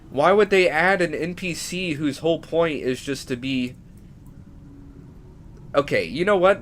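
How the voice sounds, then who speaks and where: A man streaming a game live, chatting casually to viewers and getting emotional and excitable, at times nearly shrieking. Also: fairly high pitch, measured pace, long pauses, a little hiss or hum. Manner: emotional, excitable, shifts from calm to near-shrieking.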